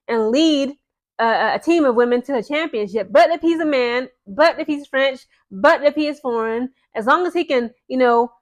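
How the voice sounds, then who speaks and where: Woman sports vlogger, high voice, slangy and emphatic, talks straight to camera. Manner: animated, chatty, slangy and emphatic. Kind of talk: casual opinion commentary to camera.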